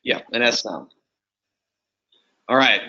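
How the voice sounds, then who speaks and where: A man's voice: mid-range voice, expressive, takes it slowly, pushed and bright. A man teaching a Greek class, patiently quizzing students with prompting questions. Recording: muffled lo-fi classroom recording.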